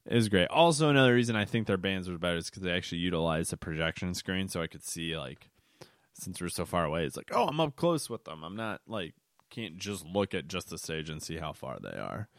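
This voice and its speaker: A man's voice: low voice, expressive, a little fast, no echo, clean studio sound. A young man hosting a podcast, telling a rambling, casual story with fillers and restarts, recorded late at night. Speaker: podcast host. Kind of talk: casual solo podcast monologue.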